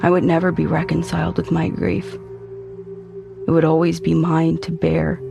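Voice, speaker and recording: A man's voice: a little high, completely flat delivery, normal speed, creaky, dull audio. A man giving an intense, brooding first-person narration for an audio drama, over faint background music. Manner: intense, brooding, haunted storytelling.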